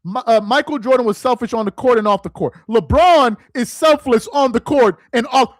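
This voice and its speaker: A man hosting a sports rant show, mocking and exasperated, firing off rhetorical questions, tripping over repeated words and rising into shouts. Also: very high voice, normal speed, hardly any pauses, no echo, studio quality. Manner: stumbles and repeats words when worked up; rises into shouts. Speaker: sports commentator host.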